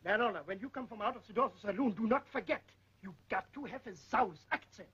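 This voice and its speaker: An actor playing an excitable film director who shouts orders and mangles his English, with a raspy voice. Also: high voice, quick pace, exaggerated voice. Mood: bossy. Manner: shouting, fussy, broken English. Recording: dull old film soundtrack with music.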